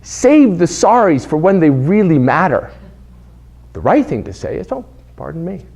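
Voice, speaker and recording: Animated husky-voiced man giving a speech. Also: fairly high pitch, a little slow. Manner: animated storytelling, acts out quoted voices. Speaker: club speaker. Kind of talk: prepared speech.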